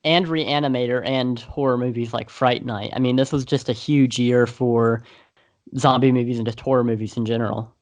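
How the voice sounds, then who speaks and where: A young man talks through a horror film on a podcast. He rambles, restarts his sentences and fills gaps with "um" and "you know" at a middle pitch. The sound is dry and close. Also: steady tone, normal speed, dry recording. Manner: rambling, many fillers and restarts. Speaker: podcast co-host. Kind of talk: casual movie discussion.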